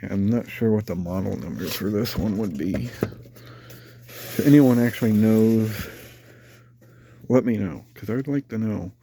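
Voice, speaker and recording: Stuffed up and nasal from a cold, a man shows off and tests an old electric fan for a casual show-and-tell vlog as a collector reviewing it. His lowish voice is mellow and slightly rough, measured, with long pauses. He's easygoing and rambling, filling his thoughts with fillers.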